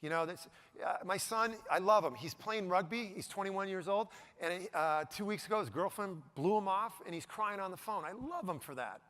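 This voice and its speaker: Middle-aged male speaker with a high, bright voice, working the room with jokes and questions. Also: normal speed. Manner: animated, jokey, asks the audience questions. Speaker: motivational speaker. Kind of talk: live keynote talk to an audience. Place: event stage before a live audience.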